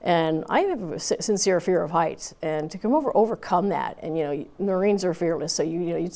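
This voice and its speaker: A woman's voice: fairly low pitch, expressive, a little fast, few pauses, mellow. A woman in her fifties, a Marine Corps veteran, telling her story candidly in an interview with plenty of fillers and restarts.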